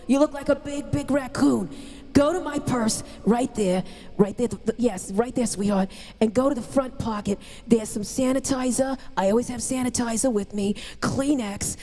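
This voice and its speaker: A woman impersonating a brash older female celebrity comic who bosses and teases the audience in quick patter. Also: fairly high pitch, warm tone, voice pushed up, lightly acted. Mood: scolding. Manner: bossy, rapid wisecracking patter to the audience. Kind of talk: stand-up impression. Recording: long hall reverb.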